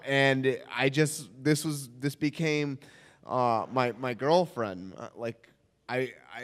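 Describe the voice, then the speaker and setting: A young man telling a comic true-life story on stage, animated and self-mocking, often laughing and trailing off in fillers. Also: mid-range voice, smooth. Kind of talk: live comedic storytelling. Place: stage in a hall before an audience. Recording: reverberant stage hall.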